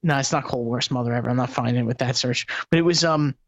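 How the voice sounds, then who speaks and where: A man's voice: medium pitch, very fast, no room sound. A man co-hosting a casual late-night tech talk show. He rambles and laughs as he tells stories, with lots of restarts. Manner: rambling, laughing, animated storytelling. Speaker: co-host. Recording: dull lo-fi live stream audio.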